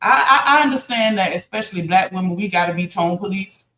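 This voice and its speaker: A woman's voice: medium pitch, expressive, fast talker, a bit bright, reverberant, low-quality recording. A woman on a panel defending herself insistently and with passion. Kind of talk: heated panel discussion.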